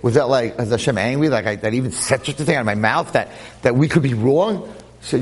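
A man lecturing and telling a story with lively jokes and frequent restarts, speaking to listeners in a room. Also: mid-range voice, quick pace, big-room sound. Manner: animated, repetitive restarts, joking. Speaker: Jewish lecturer.

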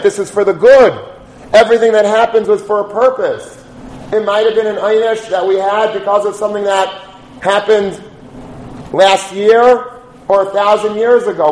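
High-voiced man giving a Torah lecture. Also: a little mellow, roomy sound, slight background noise, low-quality recording. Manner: storytelling, rises to chanting Hebrew liturgy. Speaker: rabbi.

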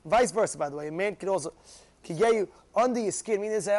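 A man teaching a religious class, animated, often acting out quarrels and asking if listeners follow. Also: high voice, fast. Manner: animated, acts out shouting voices, asks "you know?" often. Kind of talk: Torah class sermon.

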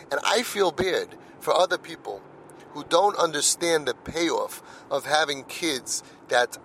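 A man's voice: fairly high pitch, vocal fry, fairly bright tone, a little hiss or hum, low-quality recording. A middle-aged man speaking earnestly about parenting, telling personal stories and repeating words when he presses a point. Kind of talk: heartfelt monologue.

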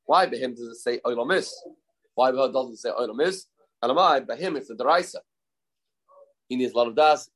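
A man's voice: mid-range voice, brisk, pauses often, low-quality recording. A man teaching a daily Talmud class, mixing English with Hebrew and Aramaic terms and asking rhetorical questions.

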